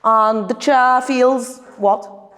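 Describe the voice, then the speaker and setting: A woman's voice: a little high, steady tone, drawn-out words, a bit bright. A woman with a Polish accent, a professor giving an academic lecture at a seminar, thoughtful and searching for her words. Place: theater seminar room. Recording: long hall reverb.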